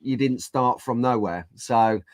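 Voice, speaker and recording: A man's voice: medium pitch, unhurried, no room sound. A man hosting a casual live stream, reading out viewer comments and joking along with the chat. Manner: chatty, jokey, reads out viewer comments.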